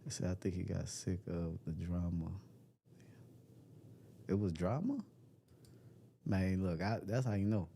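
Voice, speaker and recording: A man's voice: deep voice, measured pace, gravelly, pauses often, mellow, a little hiss or hum. A man hosting a casual livestream, reading chat comments aloud, joking and laughing often, with loose slangy talk. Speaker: livestream host. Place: cold room at home.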